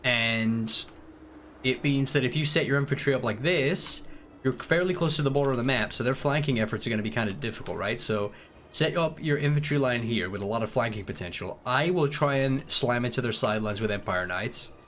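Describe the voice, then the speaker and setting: There's a little hiss or hum under this medium-pitched, fairly bright voice, which moves a little fast. A man from the United Kingdom is casually live-streaming a strategy game, rambling and joking with his chat while sharing tactics.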